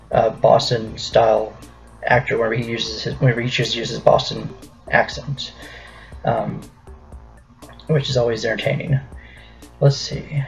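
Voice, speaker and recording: Young American male vlogger, halting delivery, gravelly edge, dull lo-fi recording. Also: medium pitch. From United States. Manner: hesitant, many ums and restarts. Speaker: YouTuber host. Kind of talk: casual vlog commentary. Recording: dull lo-fi with faint music.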